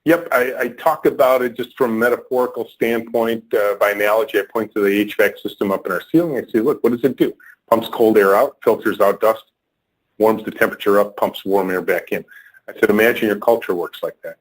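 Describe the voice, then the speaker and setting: Podcast guest: middle-aged man, husky and low-pitched, lively storyteller who voices the people he quotes. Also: fairly quick, rough recording. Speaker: guest, company leader.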